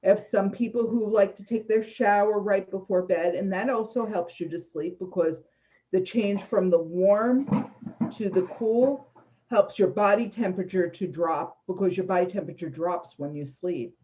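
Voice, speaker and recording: A woman in her fifties calmly coaches listeners through bedtime routines and lays out each step. Her voice is mellow and relaxed. The recording sounds dull and lo-fi. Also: medium pitch, normal speed. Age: 50s. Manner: calm, coaching, explains step by step. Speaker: sleep educator guest. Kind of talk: explanatory interview talk. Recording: dull lo-fi audio.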